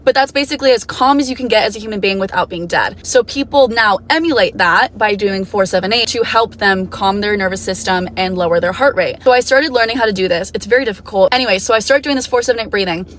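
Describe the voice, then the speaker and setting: A woman's voice: mid-range voice, quick pace, few pauses, a bit bright. A young woman vlogger telling a candid, chatty story to camera, swearing casually.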